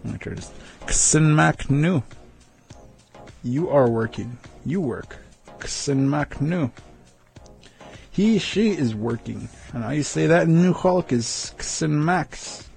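A man teaching vocabulary in a casual lesson, repeating each word slowly and joking lightly. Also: a little high, expressive, vocal fry, darkish tone, faint music behind. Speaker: language teacher.

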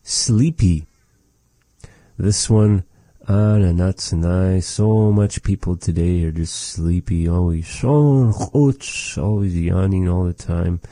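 A man giving a casual vocabulary lesson, repeating each word slowly and adding chatty, joking asides. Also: low-pitched, dark tone, no room sound. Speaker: language teacher.

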